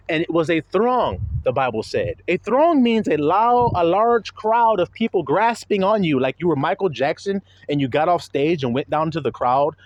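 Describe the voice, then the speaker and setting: A man's voice: sits high, a little mellow. A young man preaching casually, telling a story with frequent rhetorical questions. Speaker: online preacher. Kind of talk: casual religious talk. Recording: noisy background.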